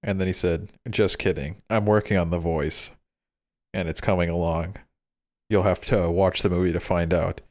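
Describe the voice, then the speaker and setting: A man's voice: low voice, steady tone, normal speed, darkish tone, no room sound. A man co-hosting a podcast, chatting casually and joking around. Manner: joking, puts on silly voices. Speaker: podcast co-host. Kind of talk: casual chat.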